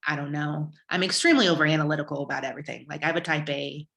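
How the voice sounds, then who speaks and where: Low, gravelly woman who stutters. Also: very fast, a bit bright. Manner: stutters, with repeated words. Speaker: podcast guest. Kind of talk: casual podcast conversation.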